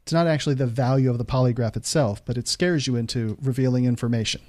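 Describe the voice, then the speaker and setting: A man's voice: mid-range voice, fast talker, darkish tone. A man hosting a podcast in a casual, easygoing way, joking with his co-host and reading out articles.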